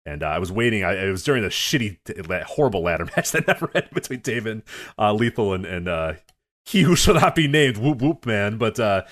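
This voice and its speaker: A man co-hosting a wrestling podcast, telling an animated anecdote in casual chat and laughing often. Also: lowish voice, a little fast. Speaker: podcast co-host.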